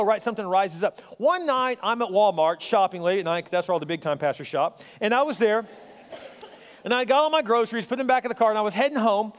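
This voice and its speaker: Guy preaching, super high voice, chatty storytelling, big echoey church hall. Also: animated, fast. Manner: storytelling, conversational, asks the crowd questions. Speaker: pastor. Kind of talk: sermon. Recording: long hall reverb.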